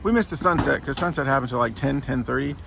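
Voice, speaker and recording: A man's voice: medium pitch, quick pace, creaky, noisy background. A man rambling casually to his camera as he walks outdoors past a port and a factory, correcting himself as he goes. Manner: rambling, chatty, self-correcting. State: sore foot while walking. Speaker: vlogger walking a pilgrimage route. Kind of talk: casual walking vlog. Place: outdoors by a port and industrial road.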